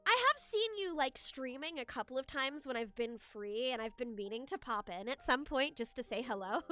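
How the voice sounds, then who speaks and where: A woman's voice: high voice, sing-song, normal speed, pushed and bright, faint music behind. A young woman streaming a game, chatting casually with her viewers and giggling often as she gushes her thanks.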